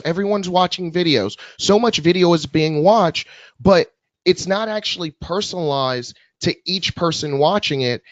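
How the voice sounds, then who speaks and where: A man with a very high voice co-presents a marketing webinar. He stumbles and restarts his sentences as he explains. The audio is dry and a little dull. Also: no echo.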